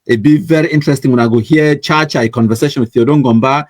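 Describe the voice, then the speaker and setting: Cameroonian male host, mid-pitched, dry close sound, casual and teasing, reads out viewer comments. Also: fast, no echo. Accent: Cameroonian English with Pidgin. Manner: chatty and teasing, laughs often, reads viewer comments aloud. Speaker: online news show host. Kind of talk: casual live-stream comment reading.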